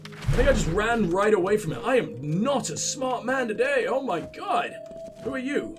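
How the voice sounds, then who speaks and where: A man's voice: high-pitched, very animated, normal speed, over music. A man with a stuffy cold, rambling and swearing sarcastically while commentating his own gameplay. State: congested with a cold or flu. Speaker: let's play host.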